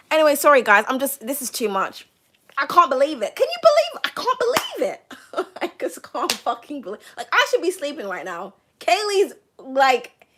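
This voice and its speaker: A woman giving a live-stream tarot reading, chatty and excitable, swearing freely. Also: sits high. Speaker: tarot reader.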